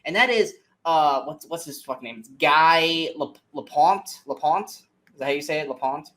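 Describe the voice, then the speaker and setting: A man co-hosting a movie review podcast, ranting in an animated, exasperated way with plenty of swearing. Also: fairly high pitch, normal speed. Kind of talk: casual movie review chat.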